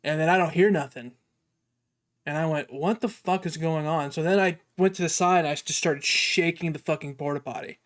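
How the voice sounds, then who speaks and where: A man's voice: on the high side, brisk, fairly bright tone. A young man, a podcast co-host, telling a crude, swear-filled story in casual chat.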